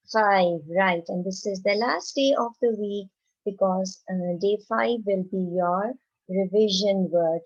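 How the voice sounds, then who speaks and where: Slow, encouraging woman teacher. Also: mid-range voice, a little mellow, highs cut off. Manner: encouraging, asks and answers her own questions; reads example sentences very slowly and clearly. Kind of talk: slow, simple classroom lesson for young children.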